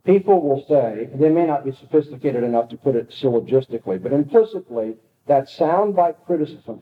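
Male lecturer, mid-pitched, dramatic reader, echoey room, tinny phone-like sound. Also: lively intonation, fairly quick, hardly any pauses. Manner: dramatic reading with rising intensity. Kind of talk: lecture reading aloud from a novel.

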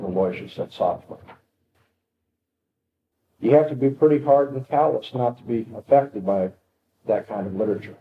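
A man's voice: mid-range voice, normal speed, long pauses. Man lecturing, reading aloud dramatically. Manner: dramatic reading with rising intensity. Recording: echoey, tinny phone-like audio.

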